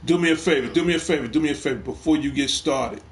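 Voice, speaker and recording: A middle-aged man hosting a gaming talk show speaks fast in a slightly high voice during a casual live stream, with slight background noise. He's emphatic and heated toward a troll, repeating phrases.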